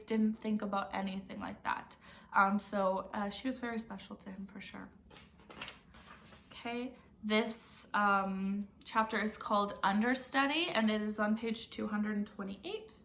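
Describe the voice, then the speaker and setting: A woman teacher reads a novel aloud in a gentle, reflective voice and pauses to ask her listeners questions. Her voice sits at a middle pitch, and the room gives it a noticeable echo. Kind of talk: reading a novel aloud with commentary. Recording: roomy echo.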